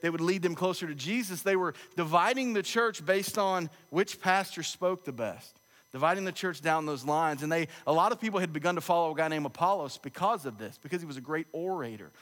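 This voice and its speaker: A slightly high-voiced man in his thirties preaches a sermon. He talks in a conversational, humorous storytelling way, and his voice rings with the long echo of a large church hall. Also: fairly bright tone. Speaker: pastor. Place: church sanctuary.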